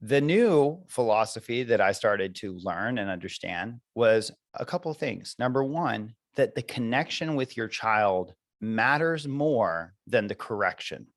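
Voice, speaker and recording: A man's voice: fairly low pitch, lively intonation, measured pace, few pauses, no echo. A man who coaches parents, talking earnestly and reflectively in a podcast conversation, with many fillers.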